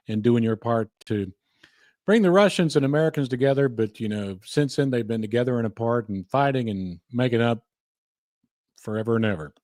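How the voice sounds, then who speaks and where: A man in his fifties hosting a podcast, speaking close into the mic in a dry, dead room. His middle-range voice stays relaxed and chatty, with an easy enthusiasm and a readiness to laugh at himself. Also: mid-range voice, dry recording. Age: 50s. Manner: chatty, enthusiastic, self-deprecating. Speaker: podcast host. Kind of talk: casual radio-style commentary. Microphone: close microphone.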